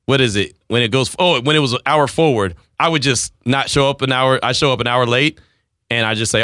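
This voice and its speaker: A man's voice: mid-range voice, fairly quick, pushed and bright, no room sound, studio quality. A man in his forties hosting a sports radio show, talking in teasing banter and laughing often. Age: 40s. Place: radio studio.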